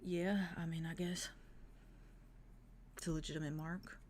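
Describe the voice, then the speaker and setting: A woman's voice: low voice, level tone, unhurried, darkish tone, a little hiss or hum. A woman running a tabletop role-playing game, describing what characters do in a laid-back, reassuring way. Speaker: game master. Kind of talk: casual tabletop game narration.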